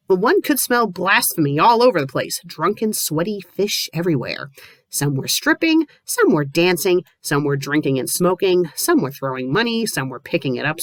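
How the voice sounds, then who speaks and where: Sarcastic woman narrator for a comedy read-aloud, lively pitch, dry close sound. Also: normal speed, hardly any pauses, dry recording. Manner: mocking, deadpan asides. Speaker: fanfiction reviewer. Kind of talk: sarcastic dramatic reading with commentary.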